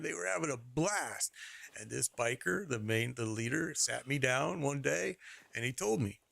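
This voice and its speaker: A man's voice: a little high, vocal fry, dry recording. A middle-aged man streaming, telling a rambling personal story in casual talk, repeating phrases and laughing as he goes.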